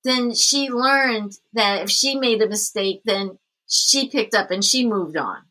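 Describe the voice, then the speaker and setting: A middle-aged woman, a parenting coach, telling a story in a casual interview, animated and often laughing. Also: mid-range voice, a little slow, poor audio.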